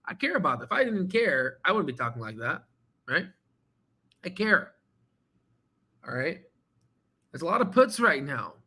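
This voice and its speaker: A man hosting a stock trading channel, talking casually and excitably while going through charts, swearing now and then and repeating himself as he rambles. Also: a little high, normal speed, long pauses, husky. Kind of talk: casual screen-share market commentary.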